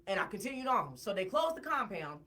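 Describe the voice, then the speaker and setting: A woman guest on a podcast, telling a personal story in a casual, animated way and repeating words when she gets worked up. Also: mid-range voice, a little fast.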